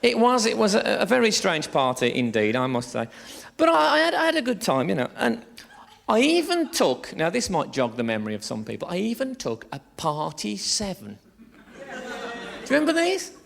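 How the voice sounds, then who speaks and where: A man tells a stand-up story on a theatre stage. His pitch jumps about a lot and his voice has a gravelly edge. The room around him is a live theatre, and there is crowd laughter behind him. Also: a little fast. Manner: lively, rambling, swearing storyteller. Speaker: stand-up comedian. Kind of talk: stand-up comedy set.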